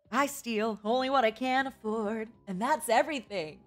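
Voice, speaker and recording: A woman's voice: on the high side, moderate pace, hardly any pauses. Young woman streamer chatting, super dramatic n emotional, laughs a lot, faint music behind. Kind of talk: casual chat.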